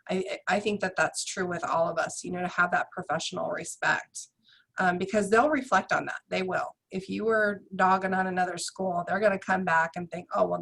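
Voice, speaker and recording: A woman's voice: fairly low pitch, creaky, fairly bright tone, low-quality recording. A woman speaking earnestly and emphatically as a panelist on a video call. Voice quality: earnest, emphatic, restarts often. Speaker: beauty school director, panelist. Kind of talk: conversational panel talk.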